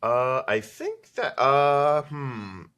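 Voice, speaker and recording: A man's voice: mid-range voice, sing-song, drawn-out words, fairly bright tone, clean tone. A man playing a tabletop game, hesitant and full of fillers as he works out his turn. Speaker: player.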